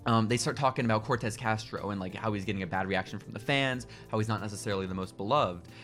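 A man co-hosting a wrestling podcast, chatting casually with quick, laughing bursts. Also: on the low side, fairly bright tone, soft background music. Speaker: podcast co-host.

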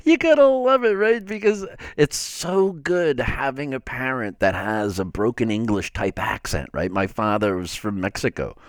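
A man's voice: medium pitch, normal speed, few pauses, no echo, studio quality. A man hosting a radio show, chatting with a guest and often tagging his sentences with "right?". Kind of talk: casual radio interview. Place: radio studio.

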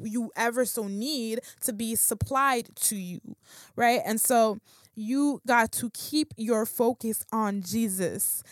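A woman's voice: on the high side, dry recording, studio quality. A woman giving a casual, conversational Bible talk, slangy and full of fillers and restarts. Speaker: Bible teacher.

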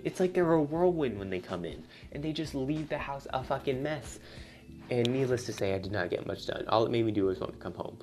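A young man, a college student, venting in a rambling, casual monologue, swearing often and getting louder as he gets worked up. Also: medium pitch, animated, fast talker, soft background music. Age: young adult. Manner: rambling, swears a lot, voice climbs when riled up.

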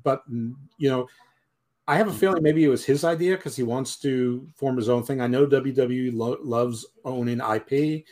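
A man of middle pitch chatting casually as a podcast co-host, opinionated and rambling. He often drops into a low mumble at the ends of his thoughts. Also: normal speed, darkish tone. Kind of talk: casual chat.

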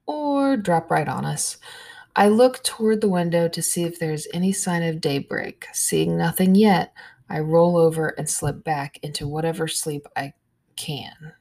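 Slow, low, gravelly woman narrator. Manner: hushed, measured storytelling with soft whispered asides. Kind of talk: first-person story narration.

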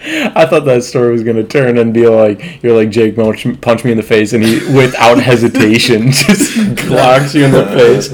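A man's voice: medium pitch, normal speed, slight background noise. A man co-hosting a podcast, telling chatty childhood stories and laughing often. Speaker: podcast co-host. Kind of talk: casual chat.

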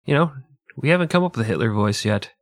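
A man's voice: medium pitch, lively intonation, fast talker, dry recording, clean studio sound. A man co-hosting a casual history podcast, joking and sarcastic, swearing freely. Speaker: podcast co-host.

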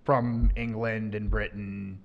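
Gravelly man, slow and halting. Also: lowish voice, flat delivery, highs cut off. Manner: slow, repeats words as he thinks. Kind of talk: casual podcast chat.

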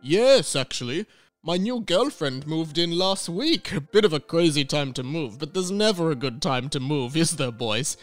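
A man's voice: on the high side, expressive, moderate pace, soft background music, lightly acted. A man voicing a smug, callous old Santa Claus in an improvised comedy sketch. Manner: self-satisfied, dismissive, snaps insults.

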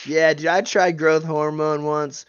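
A man playing a cocky bro skier, smooth-voiced. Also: on the high side, level tone, unhurried, dry recording, dull audio, lightly acted. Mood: boastful. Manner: slangy surfer-bro drawl, boastful. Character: dim-witted cocky young male bro skier. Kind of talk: improv comedy character.

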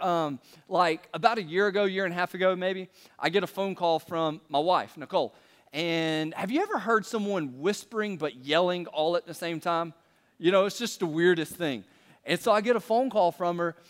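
A man's voice: high-pitched, a bit bright, in a large hall. A man preaching a sermon in a casual, joking way, peppering his talk with fillers and stories. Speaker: pastor.

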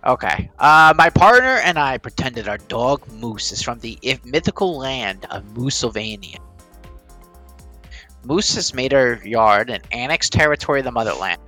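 A man co-hosts a podcast in upbeat, chatty talk. His voice is bright and sharp and moves animatedly up and down, with faint music behind. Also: mid-range voice, big pitch swings, normal speed. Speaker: podcast co-host. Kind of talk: casual chat.

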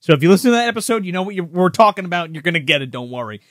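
A man's voice: sits high, very fast, no room sound. Man, podcast co-host, casual chat, rambling, profane, dry close-miked sound. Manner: rambling, profane, animated storytelling.

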